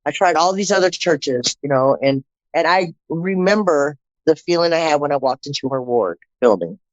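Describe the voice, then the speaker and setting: A middle-aged woman, a podcast guest, telling her personal story in an animated way, acting out the dialogue and repeating phrases for emphasis. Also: low-pitched, normal speed, lo-fi sound.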